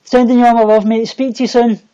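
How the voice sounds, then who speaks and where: A Scottish man hosting a casual livestream chat from home, warm and friendly, often repeating and restarting his words. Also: extremely high pitch, level tone, quick pace, clear, resonant tone, lo-fi sound. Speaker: livestream host. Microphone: computer mic on a livestream.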